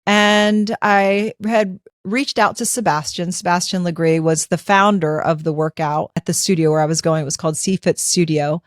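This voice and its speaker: A woman in her fifties tells a personal story as a podcast host. She talks in an animated, conversational way and acts out her own thoughts. Her voice sits slightly low, and the close mic gives a dry sound. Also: moderate pace, few pauses, dry recording.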